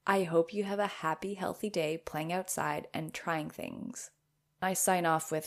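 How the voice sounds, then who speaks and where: Woman podcast host, low gravelly voice, playful, animated, reading her own blog post with asides. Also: measured pace.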